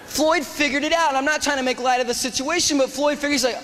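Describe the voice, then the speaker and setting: A man in his forties, an army veteran telling a war story as a speech, animated and acting out the dialogue. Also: very high-pitched, fast, hardly any pauses. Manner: animated, acts out dialogue and shouts quoted lines. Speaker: motivational speaker and army veteran. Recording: reverberant hall with faint noise.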